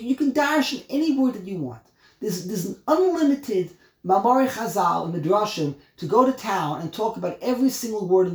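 Guy teaching a text class, gets fired up, repeats himself a lot, echoey room. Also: high voice. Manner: animated, emphatic, repeats words while explaining. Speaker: Torah teacher.

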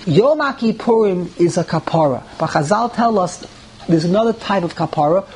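A man teaching a Torah lesson to a live class. He asks rhetorical questions, restarts phrases while thinking aloud and climbs higher in pitch when he stresses a point. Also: lively intonation, normal speed, a little mellow, slightly rough, poor audio.

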